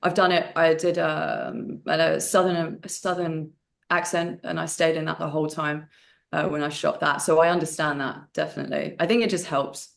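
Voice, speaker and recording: A young woman talks about her work in a relaxed interview. Her voice sits fairly low for a woman, and her speech is animated, full of fillers and quick restarts. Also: vocal fry. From United Kingdom. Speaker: actress and martial artist guest. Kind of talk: casual interview chat.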